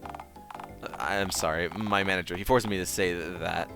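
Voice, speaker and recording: A man voicing a timid male hotline worker who talks quietly and stammers. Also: low voice, fairly even intonation, moderate pace, over music, voice pushed down. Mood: meek.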